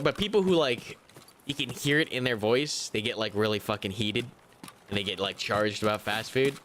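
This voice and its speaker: Young male streamer, crisp bright voice, rambling profane banter, slight background noise. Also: mid-range voice, normal speed. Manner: rambling, profane, animated rants with mocking impressions. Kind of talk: casual live-stream chat while gaming.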